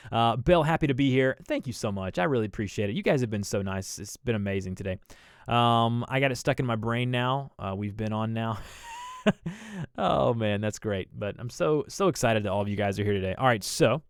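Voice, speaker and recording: Speaking at a fairly quick clip in a smooth, medium-pitched voice, this Southern livestream host rambles along with his viewers while editing video, often restarting and filling gaps with "um"s as he thinks out loud. There's no room sound, and the audio is studio quality.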